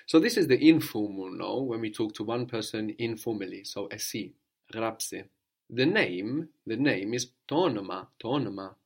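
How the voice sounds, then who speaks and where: A man teaching a language lesson, patiently prompting and repeating answers slowly. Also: lowish voice, expressive, slightly rough.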